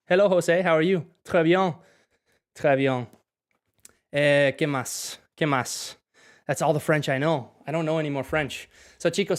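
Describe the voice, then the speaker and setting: A young man from Wisconsin, teaching English in a chatty livestream, greeting viewers by name as he answers their questions. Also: a little high. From Wisconsin, USA. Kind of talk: livestream language lesson.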